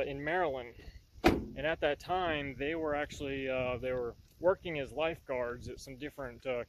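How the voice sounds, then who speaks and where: A man's voice: mid-range voice, noisy background. A man talking casually about his project in a workshop vlog, rambling and folksy. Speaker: vlogger.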